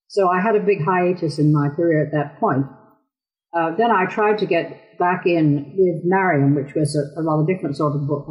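A woman's voice: fairly low pitch, low-quality recording. An older woman novelist talking casually in an interview, chatty with ums and asides.

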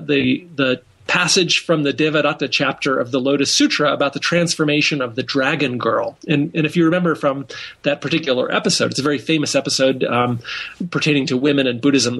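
A man, a professor, retelling an old story in an interview. He is animated and often restarts with repeated words. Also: a little high, breathy edge. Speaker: professor of Japanese literature.

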